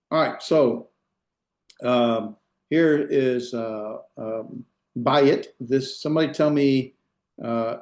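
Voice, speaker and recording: A man's voice: mid-range voice, darkish tone, echoey room. A male instructor giving an online class lecture, patient and step by step, often checking in with "right?" and quizzing his students.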